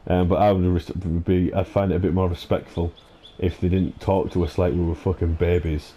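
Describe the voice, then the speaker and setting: A man's voice: low-pitched, little pitch movement, moderate pace, warm tone, husky. A man hosting a gaming channel, ranting in an exasperated, sweary way, full of fillers and restarts. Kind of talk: ranting commentary over gameplay.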